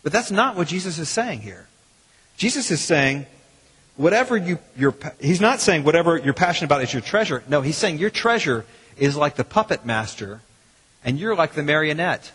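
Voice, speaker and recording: A man, a pastor preaching a sermon in a church in a lively, conversational way with quoted asides. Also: a little high, normal speed, breathy edge. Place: church sanctuary. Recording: long hall reverb.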